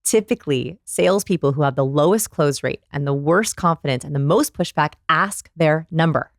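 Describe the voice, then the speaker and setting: A middle-aged woman explaining research on confidence in an energetic interview, acting out vocal inflections as she goes. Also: sits low, normal speed, no room sound, clean studio sound. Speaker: guest, people expert. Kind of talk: animated interview talk.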